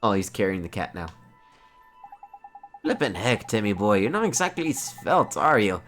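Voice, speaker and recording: A woman voicing a bossy older man neighbor in a game, loud, teasing and scolding. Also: rumbling low, very animated, moderate pace, faint music behind.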